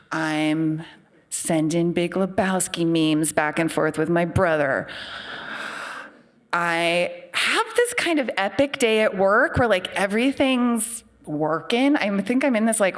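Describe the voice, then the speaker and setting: Slow-talking woman telling a live story. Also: on the low side. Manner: candid, self-deprecating, conversational with frequent "like" and "kinda". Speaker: psychiatrist telling a personal story. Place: theater stage before a live audience.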